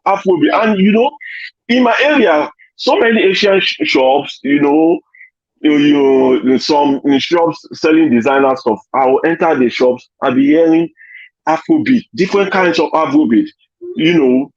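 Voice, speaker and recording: Nigerian man, high-pitched husky voice, rambling anecdotes with "you know" fillers, dry lo-fi call sound. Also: animated, unhurried, no echo. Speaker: panel guest. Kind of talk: casual online panel chat. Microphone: video call.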